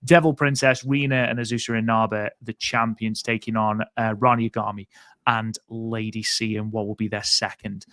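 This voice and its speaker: A man's voice: on the low side, little pitch movement, normal speed, a bit bright, no echo, studio quality. A man co-hosting a casual podcast, chatty and rambling, with many fillers and restarts. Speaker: podcast co-host.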